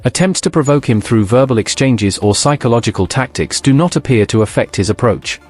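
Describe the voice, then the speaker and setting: Man in measured, scripted narration. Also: mid-range voice, faint music behind. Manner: even, measured, formal.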